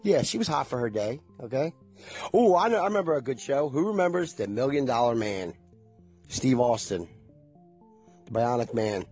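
Husky rambling middle-aged man. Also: mid-range voice, big pitch swings, moderate pace, long pauses, a little mellow, faint music behind. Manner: loose, nostalgic, swears freely. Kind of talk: casual rambling chat.

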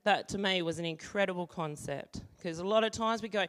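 A woman's voice: on the high side, moderate pace. Woman preaching in a reverberant hall. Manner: animated storytelling, acting out voices. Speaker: church speaker. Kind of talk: sermon with storytelling and prayer.

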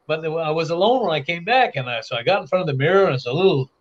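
An older Canadian man, a guest on a podcast, tells long rambling anecdotes in casual storytelling, often restarting and breaking into bursts of laughter. His voice is a little high, animated and fast, and the highs are cut off.

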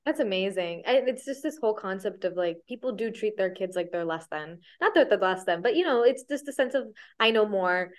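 Woman host, middle pitch, supportive, chatty. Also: expressive, brisk, few pauses. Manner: supportive, frequent agreeing interjections. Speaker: podcast host. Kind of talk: casual conversation.

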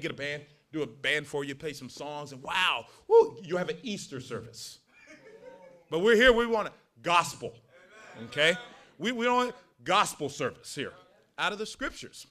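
A man preaching a morning sermon, animated, with sarcastic asides and words repeated when he gets going. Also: on the high side. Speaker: pastor.

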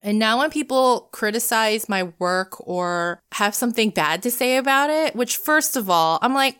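A woman's voice: fairly high pitch, animated, normal speed, few pauses, fairly bright tone, clear, resonant tone. A woman hosting a podcast, talking earnestly and encouragingly to her listeners in a solo motivational episode. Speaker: podcast host.

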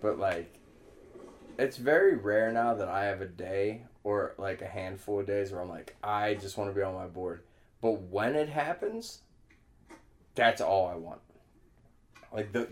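Deep-voiced laid-back guy in his thirties. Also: lively intonation, measured pace. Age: 30s. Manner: laid-back, swears a lot, laughs often. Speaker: podcast guest. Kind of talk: casual chat.

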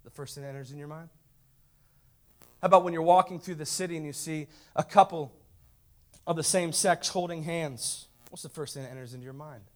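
A high-pitched male pastor in his thirties preaches to his congregation. He drops to near-whispers and then builds to loud, emphatic declarations. He keeps pressing the room with rhetorical questions. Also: fairly quick. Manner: dramatic swings from hushed to loud. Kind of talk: sermon.

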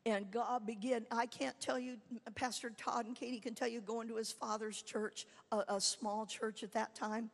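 A woman evangelist preaching a sermon, telling her story with swings from quiet asides to loud, shouted climaxes. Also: fairly high pitch, level tone, normal speed, vocal fry, hardly any pauses. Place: church camp meeting hall. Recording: long hall reverb.

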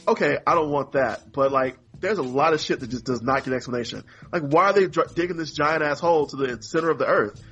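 Podcast co-host, male, husky rambling rant, muffled lo-fi sound. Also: a little high, fairly quick, hardly any pauses, fairly bright tone, faint music behind. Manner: rambling, exasperated, quotes characters in mock voices. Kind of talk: casual podcast chat.

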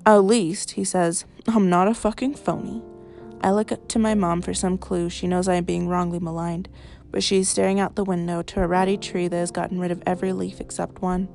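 Creaky low-voiced woman reading a story. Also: little pitch movement, quick pace, warm tone, faint music behind. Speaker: podcast host reading fiction. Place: car.

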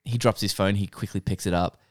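Low-voiced man recapping a show. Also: fairly quick. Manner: rambling, animated storytelling. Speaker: podcast host recapping a show. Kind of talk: casual chat.

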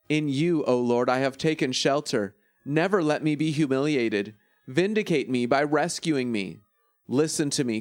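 A man reads scripture in a steady, measured way. His voice sits a little above the usual male range. The sound is close and dry, with no room around it. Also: fairly high pitch, no echo. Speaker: scripture reader. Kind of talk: scripted Bible reading.

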